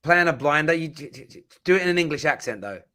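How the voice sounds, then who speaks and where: A man's voice: a little high, animated, quick pace, bright, forceful tone, a little hiss or hum. A man hosting a football live stream in casual chat, often stumbling and repeating words.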